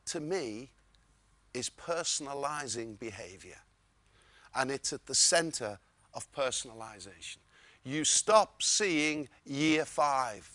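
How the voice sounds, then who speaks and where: A man giving a storytelling keynote talk, lively and chuckling as he goes. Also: medium pitch, no room sound. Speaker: keynote speaker.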